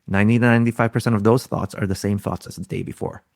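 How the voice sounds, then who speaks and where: A man's voice: on the low side, fairly even intonation, racing, creaky, no echo, studio quality. A man, a guest expert on a podcast, explaining ideas in a teaching tone and often throwing out rhetorical questions. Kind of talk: explaining in an interview.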